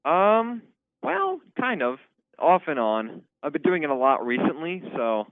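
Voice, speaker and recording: A man's voice: a little high, sing-song, unhurried, no room sound. Teenage boy on a tinny phone line. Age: teens. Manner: hesitant, with fillers. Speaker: student actor guest. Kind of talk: phone interview.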